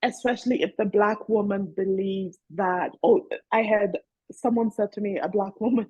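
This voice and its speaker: A woman with a Kenyan-Irish lilt and a husky, breathy voice hosts a frank conversation, spinning anecdotes with frequent laughter. The sound is dry and close, and the recording is a little dull and lo-fi. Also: medium pitch, fairly even intonation, unhurried, a little mellow, no echo. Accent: mixed Kenyan and Irish. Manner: storytelling, laughs often between points. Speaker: host. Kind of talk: candid conversation.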